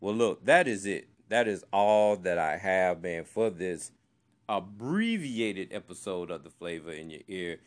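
A man with a very low, deep voice hosts a casual solo podcast. He talks loosely and chats with the listener, dropping "man" and fillers into nearly every sentence. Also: expressive, measured pace. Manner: loose and chatty, says "man" constantly, many fillers. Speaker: podcast host.

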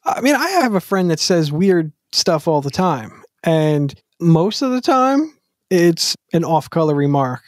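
A man's voice: on the high side, big pitch swings, measured pace, no echo, clean studio sound. A man co-hosting a podcast in casual chat, reflective and blunt in his opinions. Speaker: podcast co-host.

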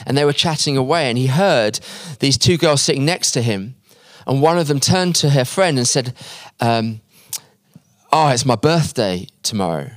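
A male preacher telling a story in a sermon, acting out the quoted voices and dropping quiet and slow at the emotional points. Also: medium pitch, dry recording, studio quality. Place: conference hall.

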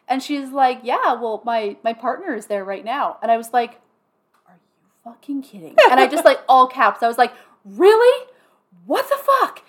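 Woman, podcast co-host, casual chat, animated storyteller, slightly high voice. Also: moderate pace. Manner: animated storyteller, acts out quotes loudly, swears. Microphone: podcast microphone.

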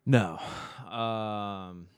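Laid-back young man, smooth dry voice. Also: on the low side, fairly even intonation, no echo, muffled recording. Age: 20s. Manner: laid-back, halting with many fillers and swearing. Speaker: podcast co-host. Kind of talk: casual chat.

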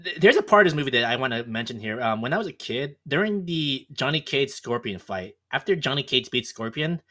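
A man's voice: mid-range voice, big pitch swings, bright, forceful tone. A man appearing as a podcast guest, telling stories eagerly in casual chat. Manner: eager, quick storytelling.

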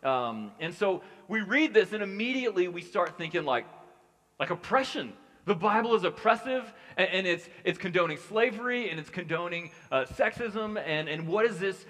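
Joking pastor in an echoing hall. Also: male voice, fairly high pitch, a bit bright. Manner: joking, chatty asides. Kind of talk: casual sermon. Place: church hall. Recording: long hall reverb.

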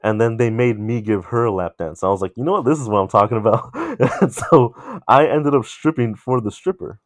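A man's voice: mid-range voice, moderate pace, no room sound, clean studio sound. Young man telling a rambling story. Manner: animated, rambling, swears freely. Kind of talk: casual storytelling chat.

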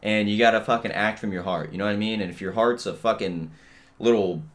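A man's voice: on the low side, fairly quick. A young man hosting a podcast, ranting bluntly and swearing constantly, with lots of filler and "you know what I mean.". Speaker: podcast host. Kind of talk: casual rant.

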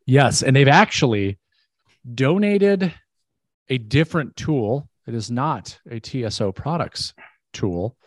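A man's voice: mid-range voice, expressive, slow pace, dry recording. Chatty male podcast host, dry sound. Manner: rambling with many fillers and restarts. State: out of breath. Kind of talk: casual chat.

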